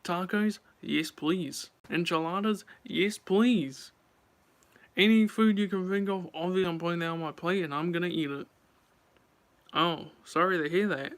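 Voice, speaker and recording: Man, live-stream chat, chatty and rambling, smooth crisp voice. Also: a little high, fairly even intonation, normal speed, fairly bright tone. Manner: rambling, chatty, talks straight to viewers.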